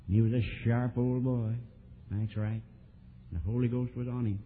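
A man preaching a sermon, telling a story and swinging from soft, low asides to emphatic, raised lines. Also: level tone, normal speed. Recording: old tinny lo-fi sermon tape.

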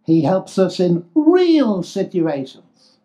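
An older man preaching a sermon, expressive and exclamatory, swinging between loud declarations and hushed asides. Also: high-pitched, slow pace.

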